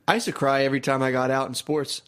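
A man's voice: mid-range voice, level tone, fast talker, a bit bright, clear, resonant tone. A young man chatting casually and telling stories, swearing often and acting out quotes. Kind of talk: casual chat, storytelling.

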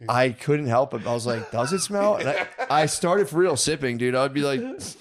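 A man chatting casually and crudely, telling stories and acting out quotes in an animated way. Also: mid-range voice, brisk, a crowd in the background. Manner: animated storyteller, acts out quotes loudly. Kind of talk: casual crude comedy chat.

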